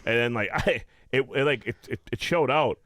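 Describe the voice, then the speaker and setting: A young man from Pittsburgh co-hosts a podcast, rambling through stories and swearing freely. His voice sits at an ordinary middle pitch, and the recording is dry and close. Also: moderate pace, fairly bright tone, no room sound. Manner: swears often, rambling storytelling. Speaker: podcast co-host. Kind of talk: casual chat.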